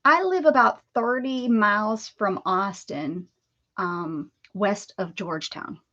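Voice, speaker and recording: A woman's voice: mid-range voice, slow pace, pushed and bright, dull audio. A woman from the Pittsburgh area hosting a crafting live stream, chatting casually and greeting viewers by name as she works.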